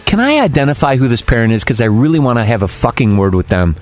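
A man's voice: medium pitch, big pitch swings, fast talker, music in the background. A man hosting a podcast, telling stories in a casual, heated way, swearing freely and imitating people. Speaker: podcast host. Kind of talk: casual profane storytelling.

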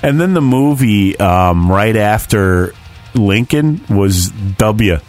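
A man's voice: fairly low pitch, expressive, takes it slowly, a little mellow, faint music behind. A man in casual chat, rambling through a story with lots of swearing and laughs.

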